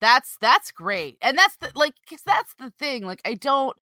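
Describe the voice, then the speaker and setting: A woman talking casually with a bright, sharp edge to her voice, filling her sentences with "like" and cursing without a second thought. The sound is close and dry. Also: high voice, very animated, unhurried, no room sound. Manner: loose, peppered with "like", swears freely. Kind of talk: casual chat.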